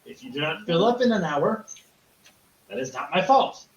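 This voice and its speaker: A man's voice: on the high side, sing-song, moderate pace, roomy sound, recorded from a distance, lo-fi sound. A man voicing a testy, foul-mouthed male goblin ship captain who speaks curtly and indignantly. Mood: stern. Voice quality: curt, profane and indignant.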